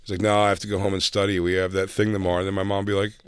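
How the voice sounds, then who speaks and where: A man's voice: low voice, little pitch movement, rapid-fire, smooth, dry recording, clean studio sound. A man co-hosting a podcast, chatting casually and telling profane, rambling stories from school. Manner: rambling, profane, acts out quoted voices. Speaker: podcast co-host. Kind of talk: casual storytelling chat.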